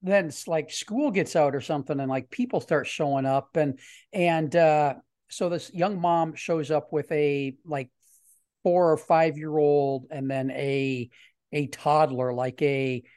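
A man hosting a casual podcast from a home studio, telling a story in a rambling, halting way with many restarts. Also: on the high side, steady tone, a little mellow. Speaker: podcast host.

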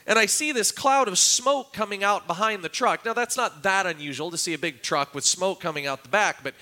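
A man's voice: high voice, a little fast, pushed and bright. A man preaching a sermon as pastor, acting out quoted cries with a raised, dramatic voice. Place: church.

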